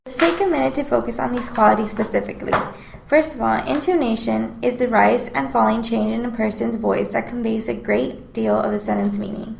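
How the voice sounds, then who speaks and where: A woman's voice: fairly high pitch, a little fast, gravelly, reverberant, a little hiss or hum, low-quality recording. A woman reading aloud a scripted class presentation in an explanatory tone. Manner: reads aloud in an explanatory, even tone. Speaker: student presenter.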